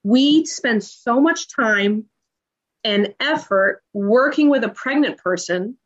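A woman in her thirties tells her own story as a podcast guest. She is emotional and animated and acts out the lines of the people in it. The recording sounds dull and lo-fi. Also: a little high, slow pace. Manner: emotional, animated retelling with acted-out dialogue. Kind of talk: personal storytelling in an interview.

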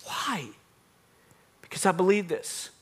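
A man's voice: sits high, very animated, slow pace, breathy edge. A man preaching a sermon, building his point with repeated phrases and acting out little phone calls. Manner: dramatic, acts out phone calls, repeats for emphasis. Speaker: pastor.

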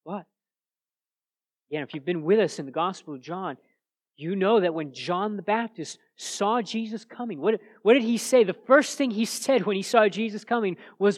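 A man's voice: high voice, normal speed. A man preaching an expository sermon in a conversational way, often restarting phrases and pressing with emphatic questions.

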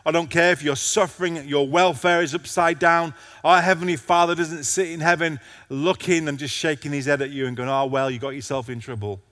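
A man's voice: fairly high pitch, fairly even intonation, brisk, few pauses, a bit bright, long reverb tail. A male pastor preaching a passionate sermon to a congregation, his intensity rising and falling.

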